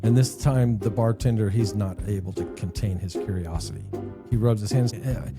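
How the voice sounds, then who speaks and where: A man's voice: on the low side, moderate pace, over loud music. A man co-hosting a podcast, telling a rambling joke and leading casual chat. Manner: rambling storyteller, laughs at own jokes. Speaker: podcast co-host.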